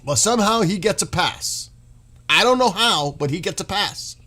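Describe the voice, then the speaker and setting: A man's voice: sits high, expressive, moderate pace, sharp tone. Exasperated, sarcastic man ranting. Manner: exasperated, sarcastic, swears, reads posts aloud and mocks them. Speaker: streamer reacting to news. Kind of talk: ranting political commentary.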